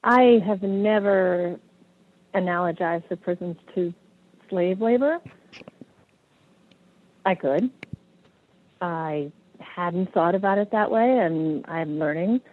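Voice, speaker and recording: A woman's voice: on the low side, takes it slowly, pauses often, phone-quality sound. A woman in her forties, a guest on a call-in radio show, answering callers hesitantly and laughing between phrases.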